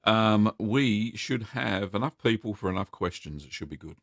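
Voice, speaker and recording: A man's voice: on the low side, expressive, normal speed, gravelly, fairly bright tone, no room sound, clean studio sound. A middle-aged Australian man hosting a casual live stream, rambling in a friendly way and greeting viewers by name. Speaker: host.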